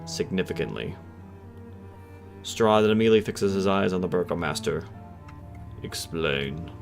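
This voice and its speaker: A man's voice: deep voice, quick pace. A man narrating a tabletop roleplaying game as game master, casual and descriptive. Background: soft background music.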